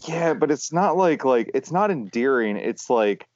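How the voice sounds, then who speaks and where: A man's voice: medium pitch, measured pace, no echo. Man, podcast co-host, rambling casual chat, dry close sound, muffled lo-fi. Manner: rambling, animated storytelling. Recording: dull lo-fi sound.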